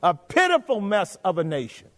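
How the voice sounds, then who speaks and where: A man's voice: high voice, huge pitch swings, normal speed. A man preaching a sermon, emphatic, often asking the congregation rhetorical questions. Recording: long hall reverb.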